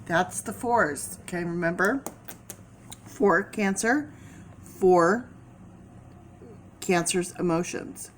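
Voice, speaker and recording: Slow-talking woman reading tarot. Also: on the low side, a little hiss or hum. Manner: slow, chatty, talking to viewers. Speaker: tarot reader.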